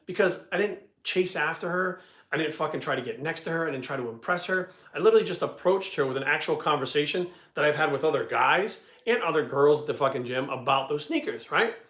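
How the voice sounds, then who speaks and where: A blunt man in middle age rattles off swear-laden advice at a fast clip. His voice sits a little high, and the room around him echoes noticeably. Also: lively intonation, a bit bright. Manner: blunt, swears constantly, repeats points. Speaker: fitness channel host answering viewer questions. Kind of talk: profane casual advice talk.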